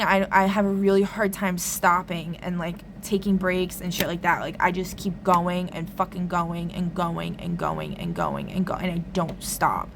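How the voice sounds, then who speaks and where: A woman's voice: fairly low pitch, a bit bright, slight background noise. A woman talking through a strange dream in a loose, rambling vlog monologue, full of "like" and casual swearing. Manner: rambling, lots of "like", frequent swearing. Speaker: tarot reader recounting a dream.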